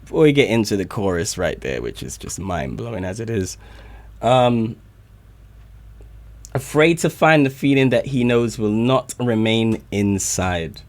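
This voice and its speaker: A man reacting to community music on a live stream, hyped and excitable, often shouting his praise. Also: fairly low pitch, unhurried.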